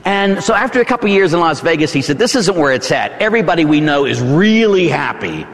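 A middle-aged Catholic priest with a Pittsburgh accent, preaching a sermon in a church in a conversational way, often tagging lines with "huh?" and "right?". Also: male voice, on the high side, sing-song, a little fast, long reverb tail. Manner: conversational preaching with rhetorical tag questions.

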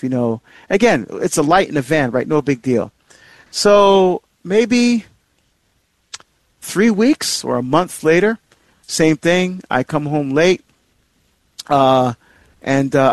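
A man's voice: animated, unhurried, no room sound. Middle-aged man telling a rambling story. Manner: rambling and conversational, with frequent fillers and restarts; rises sharply in pitch when emphasizing a point. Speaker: host of a marriage series. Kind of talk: personal storytelling.

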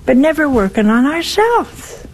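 A woman's voice: high-pitched, very animated, a little slow, slight background noise, poor audio. A woman, a nun, giving a spiritual talk with folksy stories and pointed rhetorical questions. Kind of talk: sermon.

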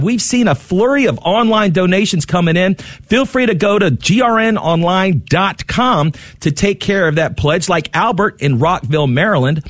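A man's voice: sits high, no echo, studio quality. A man hosting a radio pledge drive, upbeat and repeating the call-in number. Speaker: radio host.

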